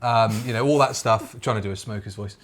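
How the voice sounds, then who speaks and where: Relaxed man hosting a podcast. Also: on the low side, fairly quick. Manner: relaxed, steering the talk. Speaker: podcast host. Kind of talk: casual chat.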